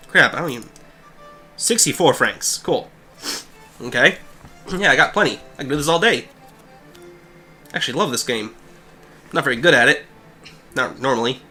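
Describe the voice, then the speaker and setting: A man's voice: mid-range voice, expressive, normal speed, long pauses, pushed and bright, slightly rough. A man hosting a let's play, reading game text and adding laid-back, self-mocking asides. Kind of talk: casual gameplay commentary. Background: faint game music.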